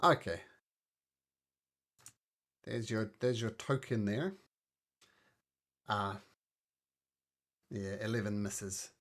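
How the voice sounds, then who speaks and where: A man running a tabletop game as game master, chatty and cheerful, with bursts of excitement when the dice go well. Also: on the low side, extremely slow, pauses often.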